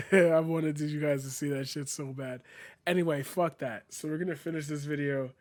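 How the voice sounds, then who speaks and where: Pissed off streamer dude ranting and cussing, dry close sound. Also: male voice, on the high side, fairly even intonation, moderate pace, a little mellow, dry recording. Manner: swearing, ranting, repeats himself. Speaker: live streamer reacting to a video. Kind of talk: angry reaction commentary.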